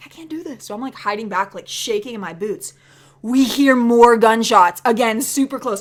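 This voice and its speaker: A woman telling a spooky story in a chatty, animated way, dropping into whispers for the scary parts. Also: on the high side, normal speed. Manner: chatty, many fillers of "like". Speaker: vlogger. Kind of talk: casual storytelling.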